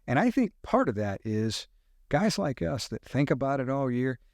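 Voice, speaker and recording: A middle-aged man, a podcast guest, telling animated hunting stories with sound effects in casual talk. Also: medium pitch, normal speed, dry recording, clean studio sound. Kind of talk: casual storytelling.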